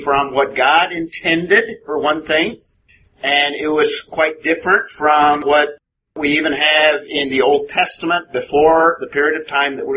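A man's voice: a little high, pushed and bright. A man teaching a Bible class in a methodical, explanatory way, often putting questions to his students. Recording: noisy room recording.

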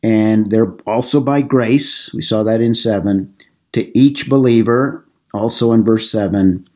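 A middle-aged man teaching a Bible study class, explaining passages in a measured way with some halting restarts. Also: lowish voice, a little mellow.

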